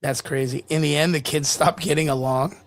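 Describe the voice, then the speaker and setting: A man's voice: fairly high pitch, steady tone, a little fast, no room sound. A man co-hosting a casual streamed chat show, joking loosely and swearing, with lots of "dude" and "bro". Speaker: podcast co-host. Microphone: streaming mic.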